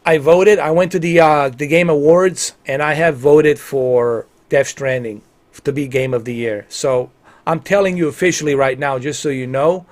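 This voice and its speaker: A man's voice: a little high, normal speed. A man in his forties chatting casually on a gaming livestream, rambling, repeating himself and giving earnest opinions. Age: 40s. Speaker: livestream gamer.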